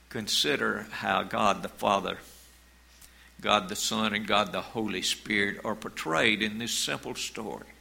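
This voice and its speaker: A man preaching a sermon as pastor, in a slow, measured way, reading scripture aloud. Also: on the low side, vocal fry, pushed and bright, low-quality recording.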